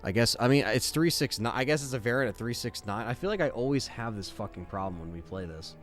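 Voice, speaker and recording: A man chatting casually while streaming a game live, excitable and quick to swear. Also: mid-range voice, faint music behind. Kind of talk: casual live gameplay chat.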